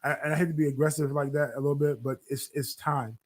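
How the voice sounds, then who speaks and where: A man's voice: a little high, fairly even intonation, fast talker. Emphatic man hosting a radio podcast. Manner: emphatic, repeats phrases, laughs often. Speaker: podcast host. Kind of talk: energetic radio talk.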